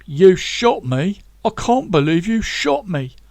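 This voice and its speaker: A man's voice: sits high, big pitch swings, takes it slowly, gravelly, darkish tone, dry recording, pitched above the performer's own voice, exaggerated voice. A man voicing a scared, blustering thug with a London accent. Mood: panicked.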